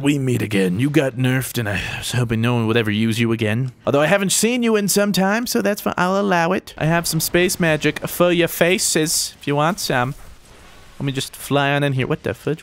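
A man with a slightly high, very animated voice gives gameplay commentary. He is excitable and jokey, and he breaks into sudden mild exclamations as the action unfolds. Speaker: gaming YouTuber.

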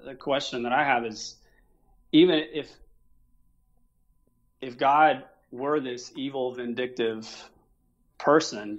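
A middle-aged man from Oklahoma, a Christian missionary, talking casually in a halting way with many restarts and fillers. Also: mid-range voice. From Oklahoma, USA. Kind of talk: casual conversation. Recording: dull lo-fi sound.

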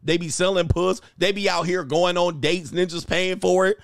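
A man giving a loud, slangy, animated comic rant while reacting to a video clip, laughing as he goes. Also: high voice, normal speed, gravelly, dry recording, studio quality. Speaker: comedy commentator reacting to a clip.

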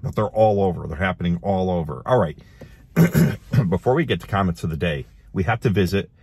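Man, husky voice, lowish pitch, lively delivery, hosting a casual commentary. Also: brisk. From United States. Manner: animated, reads headlines and laughs between remarks. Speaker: host.

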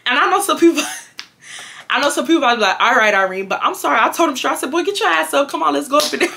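A woman, telling a storytime to her viewers in an animated, laugh-filled way, swearing freely. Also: high voice, quick pace, creaky. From Houston, Texas. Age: 20s. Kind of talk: casual storytime.

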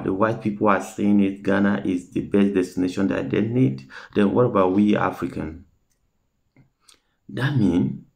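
A man's voice: sits low, gravelly. A Nigerian man talking to his viewers in an earnest, repetitive way, commenting on a clip. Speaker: vlogger reacting to a clip.

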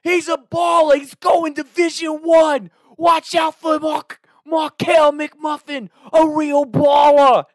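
A man voicing a rowdy teenage heckler with a put-on New Jersey accent, chanting slowly at full volume. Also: very high voice, flat delivery, no room sound, voice pushed up. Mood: taunting. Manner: shouted, drawn-out chanting.

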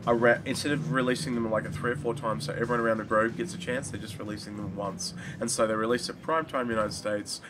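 A man chatting casually about a video game, rambling and animated, swearing now and then. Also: medium pitch, fast talker, few pauses, heavy background noise. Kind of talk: casual gaming chat.

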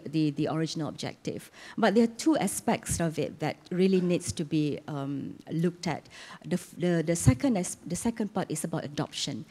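A woman with a sore, failing throat speaks on a conference panel in a fairly low voice. She explains points earnestly and sometimes restarts her sentences. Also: warm tone. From Malaysia. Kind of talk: panel discussion answer. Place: conference hall.

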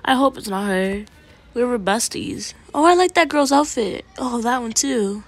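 A woman giving casual gameplay commentary as a video creator, chatty and prone to excited yelling at the game. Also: fairly high pitch, moderate pace.

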